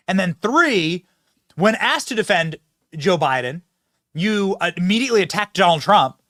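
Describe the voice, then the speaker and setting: A man hosting political commentary, mocking and sarcastic, swinging between loud outbursts and low asides. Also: expressive, normal speed, no echo, studio quality.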